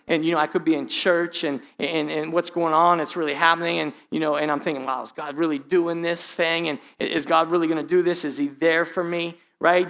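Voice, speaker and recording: Male pastor, slightly hoarse, conversational sermon delivery, high-pitched voice. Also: fairly bright tone. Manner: conversational, direct address to the congregation, frequent repetition.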